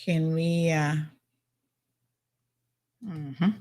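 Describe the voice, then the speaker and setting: A woman hosting a casual local news chat, chatty and animated, full of asides and fillers. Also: low-pitched, drawn-out words. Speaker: host.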